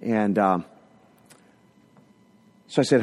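A middle-aged man telling a personal story in a sermon, animated, acting out the voices of people in it. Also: fairly low pitch, moderate pace, long pauses. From northern Ontario, Canada. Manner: animated storyteller who acts out quotes. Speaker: speaker sharing a testimony. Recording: echoey hall.

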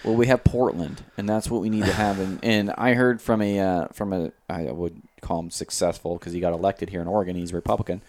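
A man in casual conversation who speaks in a measured, hesitant way and often restarts his sentences. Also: sits low, steady tone, darkish tone. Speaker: podcast co-host. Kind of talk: casual chat.

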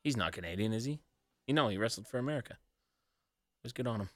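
A man co-hosting a podcast in casual chat, blunt and quick to swear. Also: medium pitch, expressive, dry recording. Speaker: podcast co-host.

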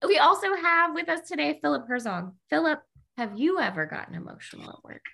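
A woman's voice: high voice, fairly quick, gravelly. A woman hosting a casual workplace podcast, telling stories and acting out what people said. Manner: animated storyteller, acts out quotes. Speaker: podcast host.

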